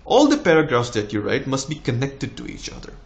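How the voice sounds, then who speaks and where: A man's voice: a little fast, creaky, slight background noise. Encouraging young man, slight American tinge. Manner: relaxed, encouraging, with lively rises in pitch. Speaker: doctor giving exam tips. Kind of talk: casual advice vlog.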